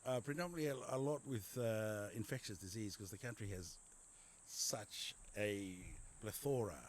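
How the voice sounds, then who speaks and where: Being interviewed conversationally, a middle-aged doctor from Papua New Guinea with an Australian accent wanders through his life story with repeated words and plenty of fillers. His voice is lowish and his speed normal, with slight background noise.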